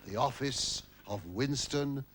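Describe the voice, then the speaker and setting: A man's voice: mid-range voice, slow, natural voice. An actor playing a cheeky army batman full of innuendo, chatty and fawning toward his colonel. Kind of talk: British sitcom acting. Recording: noisy recording with hiss.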